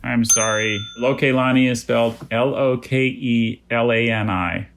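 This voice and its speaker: Spelling bee pronouncer on a video call, deadpan delivery, even mid-range voice. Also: mid-range voice, measured pace, noisy background. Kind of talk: reading words and definitions over a video call.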